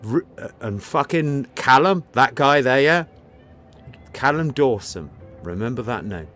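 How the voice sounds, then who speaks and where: A man's voice: medium pitch, expressive, measured pace, a bit bright, faint music behind. A man streaming live, telling a rambling, profane story and lecturing his chat, repeating himself for emphasis. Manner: storytelling, preachy.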